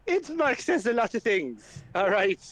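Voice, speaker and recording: A man's voice: sits high, big pitch swings, a little slow, pitched above the performer's own voice, exaggerated voice. A man voicing a rude, hard-drinking hero who swears and brushes people off. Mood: scornful. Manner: swearing, dismissive, loud.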